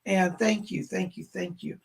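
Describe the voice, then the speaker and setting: A man hosting a live stream as a psychic medium, hoarse and clearing his throat, greeting viewers with exuberant casual chat and calling himself by name. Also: high-pitched, steady tone, unhurried. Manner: exuberant, calls himself by name in the third person.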